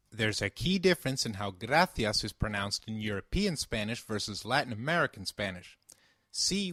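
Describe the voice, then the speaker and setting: Slow, lively male language teacher. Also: mid-range voice, no room sound, clean studio sound. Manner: slow, patient, enunciates each word. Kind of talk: scripted language lesson.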